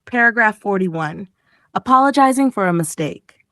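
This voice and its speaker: A woman reads short emotional stories for English learners in a dry, studio-quality recording. Her voice is expressive, a bit bright, and at normal speed. She reads each paragraph title, then acts out the quoted lines at a raised pitch, giving each its own feeling.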